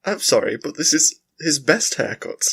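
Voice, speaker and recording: A man co-hosting a podcast in casual chat, deadpan and playfully contrary. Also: fairly high pitch, moderate pace, gravelly, breathy edge. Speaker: podcast co-host.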